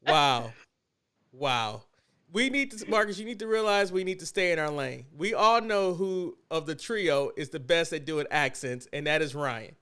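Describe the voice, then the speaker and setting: Male podcast host, high and bright, teasing and laughing in casual banter on a call. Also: lively intonation, moderate pace, clear, resonant tone. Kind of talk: casual chat. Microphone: video call.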